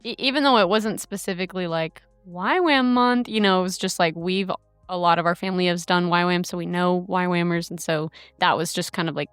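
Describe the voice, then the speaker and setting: A woman's voice: on the low side, brisk, fairly bright tone, clear, resonant tone, no room sound, soft background music. A woman co-hosting a faith podcast in casual chat, talking with many fillers. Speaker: podcast co-host.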